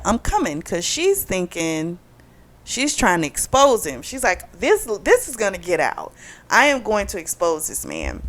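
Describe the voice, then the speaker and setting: A woman casually retelling a book's plot for a review, acting out the characters' lines in quotes as she goes. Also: medium pitch. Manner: chatty storytelling, retells dialogue in quotes. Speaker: book club vlogger. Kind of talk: casual book review recap.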